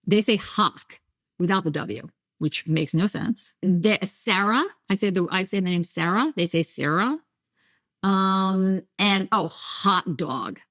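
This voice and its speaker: Animated storytelling woman, dry close sound. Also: mid-range voice, normal speed, no room sound. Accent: light New Jersey. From New Jersey. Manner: animated storyteller, acts out voices, self-deprecating. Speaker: podcast guest, journalist and author. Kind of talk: candid conversational interview.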